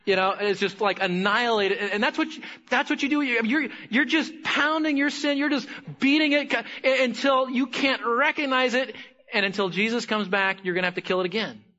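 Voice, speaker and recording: A pastor preaching a sermon, swinging between quiet asides and loud, emphatic bursts. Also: male voice, very high voice, fairly quick, highs cut off.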